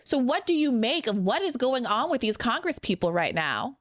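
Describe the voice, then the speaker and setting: A woman interviewer asking measured, probing questions. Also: on the high side, very animated, no echo, clean studio sound.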